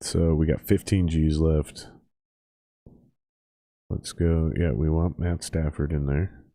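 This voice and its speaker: A deep-voiced man rants in a casual, profane way, muttering and cursing to himself. He sounds exasperated and is drinking while he talks. The sound is close and dry, with no room around it. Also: little pitch movement, takes it slowly, mellow, no room sound. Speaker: podcast host. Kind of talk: casual profane rant and phone chat.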